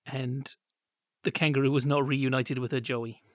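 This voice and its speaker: A man's voice: medium pitch, flat delivery, normal speed, dry recording, clean studio sound. A man co-hosting a podcast, chatting and joking about old children's TV and acting out quotes. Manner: chatty, jokey, acts out quotes. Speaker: podcast co-host. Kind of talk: casual chat reviewing old TV.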